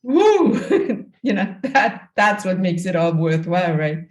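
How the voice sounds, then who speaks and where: A woman's voice: on the low side, very animated, slow, a little mellow. A woman hosting a podcast interview, chatting casually and encouraging her guest, laughing along. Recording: roomy echoey sound.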